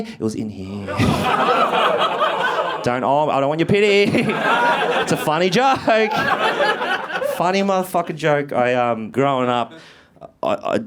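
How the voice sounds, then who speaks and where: A fairly high-voiced man in his thirties working a comedy stage with a live crowd. He tells his stories with plenty of swearing, swinging from low mutters up to shouted punchlines. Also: measured pace, very noisy. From Australia. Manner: profane, animated storytelling with shouted punchlines. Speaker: stand-up comedian. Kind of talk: stand-up comedy routine. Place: theatre stage with a live audience.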